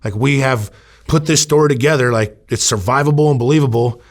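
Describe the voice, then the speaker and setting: A man from Iowa, USA, formerly an undercover officer, speaks a little fast in a mid-range voice. His interview storytelling is casual and meandering, full of fillers, with quoted exchanges acted out.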